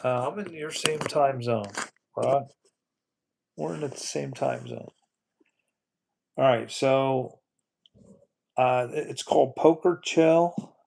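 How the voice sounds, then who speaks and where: A man's voice: medium pitch, slow pace, vocal fry, long pauses, darkish tone. A man hosting a casual livestream, rambling and repeating his words, often breaking into disbelieving exclamations. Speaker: livestream host.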